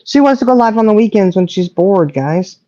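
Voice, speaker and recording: A middle-aged woman, chatting on a livestream and telling stories with animated quoting. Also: medium pitch, a little fast, dry recording. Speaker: co-host. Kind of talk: casual chat on a livestream. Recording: dull lo-fi audio.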